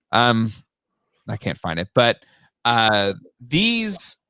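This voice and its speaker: A man in casual conversation as a podcast co-host, with a bright, forceful voice. His pitch swings widely as he talks, and the sound is dry, with no room around it. He reads out listener comments along the way. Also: no room sound. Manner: animated, jumps high in pitch when exasperated. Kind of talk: casual chat.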